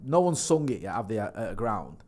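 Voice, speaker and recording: A man hosting a casual podcast, relaxed, often trailing off and reading out viewer comments. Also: lowish voice, brisk. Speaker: podcast host. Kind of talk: casual chat.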